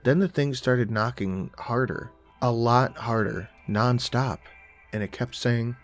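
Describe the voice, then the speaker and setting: A man narrating a first-person horror story in a calm, conversational storytelling manner. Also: mid-range voice, slow, faint music behind.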